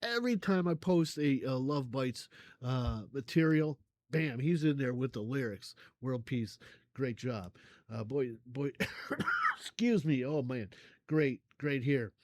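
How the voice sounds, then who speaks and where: An older man hosting a music reaction channel chats casually to his viewers, rambling and halting with many fillers, effusive in his thanks, often coughing and clearing his throat. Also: mid-range voice, animated, no echo. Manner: effusive, warm toward viewers.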